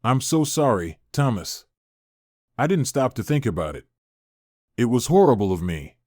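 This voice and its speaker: A man's voice: mid-range voice, very animated, moderate pace, a little mellow, no echo, studio quality. A man voicing a tearful, apologetic young wife in a first-person story reading, barely changing his own voice. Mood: contrite. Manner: pleading, contrite.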